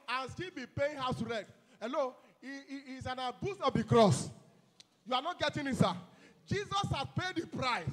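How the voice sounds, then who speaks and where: Fiery Nigerian pastor shouting a sermon. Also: male voice, extremely high pitch, lively intonation, moderate pace. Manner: fiery call-and-response preaching, shouting and asking "hello?".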